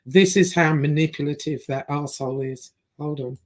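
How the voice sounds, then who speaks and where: A woman's voice: low voice, moderate pace. A woman hosting a reaction commentary channel, talking bluntly and rambling with fillers and restarts.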